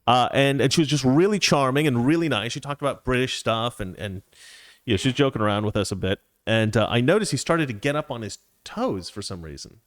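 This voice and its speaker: A man hosting a talk show, telling an anecdote in a casual, animated way and reading viewer comments, laughing often. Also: mid-range voice, fairly quick, no echo, studio quality. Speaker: podcast host.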